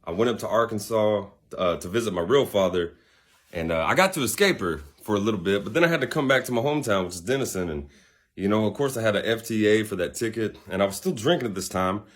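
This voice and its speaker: A man's voice: on the low side, lively intonation, fast talker. A young man casually telling a personal story to the camera, rambling with many fillers and asides. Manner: rambling, laid-back, lots of fillers and asides.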